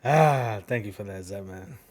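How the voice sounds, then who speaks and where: A man's voice: on the low side, expressive, moderate pace, darkish tone. A man with a New York accent, chatting casually with his live-stream audience, swearing freely and dropping in Spanish phrases. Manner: profane, talks straight to his chat and drops in Spanish.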